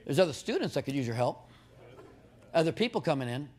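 A male preacher with a fairly high voice delivers a sermon full of anecdotes. His voice climbs sharply as he drives points home, and he repeats words as he warms up. He jokes with the congregation throughout. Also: a little fast. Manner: animated storytelling, jokes with the crowd, repeated words.

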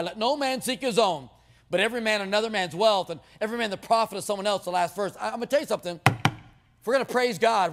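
This male preacher, whose voice is fairly high, fills his sermon with anecdotes told in an animated way. When he drives a point home his pitch climbs sharply, and he repeats words as he warms up while joking with the congregation all along.

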